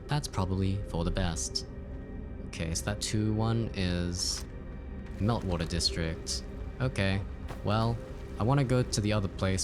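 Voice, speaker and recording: A man casually chatting while streaming a game, rambling and joking as he reads chat aloud. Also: low-pitched.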